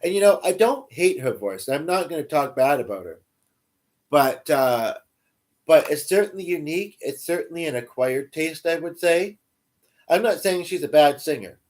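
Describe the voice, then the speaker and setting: A man's voice: fairly high pitch, darkish tone. A man livestreaming in casual chat, answering viewers in a rambling, self-deprecating way and chuckling often.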